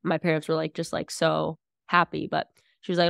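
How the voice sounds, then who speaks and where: A young woman talking casually as a podcast guest, outspoken and animated, telling stories with lots of fillers. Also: fairly low pitch, brisk, creaky, no room sound, clean studio sound. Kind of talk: casual conversation.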